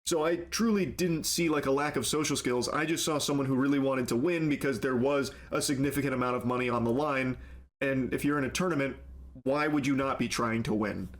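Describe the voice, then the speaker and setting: A man explaining events in a commentary video, measured, with sarcastic asides and acted-out quotes. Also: mid-range voice.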